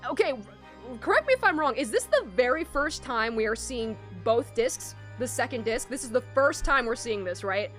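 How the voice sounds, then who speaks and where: Giggly, high-voiced young woman streamer. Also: lively intonation, normal speed, a bit bright, faint music behind. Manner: giggly, flustered, chatty. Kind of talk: casual let's-play commentary.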